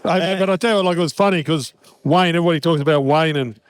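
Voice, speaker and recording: A man's voice: on the high side, quick pace, smooth. A middle-aged man and former rugby league captain, swearing freely and laughing as he tells casual stories at a live show in a hotel pub.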